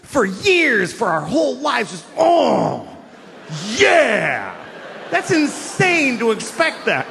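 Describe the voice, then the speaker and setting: A man doing a stand-up comedy routine with an animated, profane, exasperated delivery. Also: very high voice, measured pace, vocal fry, few pauses, a little hiss or hum. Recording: reverberant hall, faint ambience.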